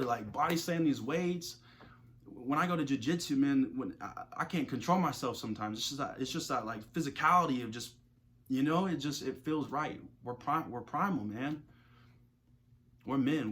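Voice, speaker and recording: Young male self-improvement creator, mid-pitched, casual motivational pep talk with slang and repeated catchphrases. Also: fairly bright tone.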